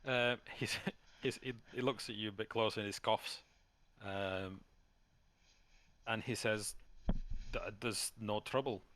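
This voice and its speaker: Man running a tabletop game, lowish voice, dry close sound, lots of ums. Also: fairly even intonation, fairly bright tone, no room sound. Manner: halting, full of ums and restarts. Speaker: game master.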